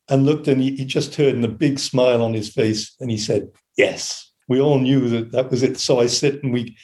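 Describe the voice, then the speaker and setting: Older man telling studio stories, mellow voice. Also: medium pitch. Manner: animated anecdotes, acts out quotes and hums melodies. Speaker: session keyboard player telling studio stories. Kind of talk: casual storytelling interview.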